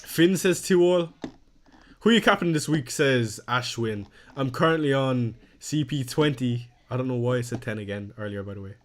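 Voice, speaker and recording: A man's voice: medium pitch, normal speed. A young man, casually chatting on a live stream, reading out viewer comments and poking fun at his own slip-ups. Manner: chatty, self-deprecating, reads chat aloud. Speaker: fantasy football streamer.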